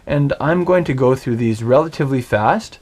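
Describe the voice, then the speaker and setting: A man teaching a video language lesson, slowly and patiently drilling words for the viewer to repeat. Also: medium pitch, darkish tone. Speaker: Hebrew teacher.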